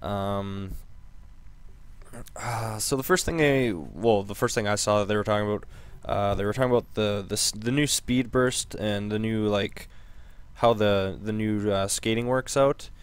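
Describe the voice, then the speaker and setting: A man hosting a gaming channel, giving a casual, rambling game news recap with lots of ums and restarts while slightly hoarse from losing his voice. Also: on the low side, measured pace.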